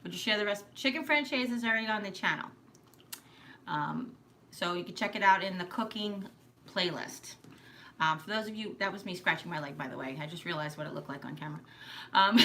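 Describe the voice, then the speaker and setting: A woman's voice: medium pitch, pushed and bright, a little hiss or hum. A middle-aged woman from New York hosting a casual live stream, chatty and rambling, laughing often. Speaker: live stream host, mother.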